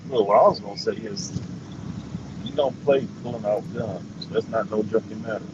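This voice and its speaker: A man with a low voice who talks in a laid-back, shrugging way. His audio comes through dull and lo-fi, with clear background noise on the line. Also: normal speed. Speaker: panel guest. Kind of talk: casual chat.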